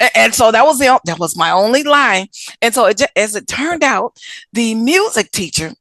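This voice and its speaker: Gravelly, animated woman telling stories. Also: on the high side, normal speed, no echo. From Chicago. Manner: animated, acts out quoted people. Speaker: guest. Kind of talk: storytelling interview answers.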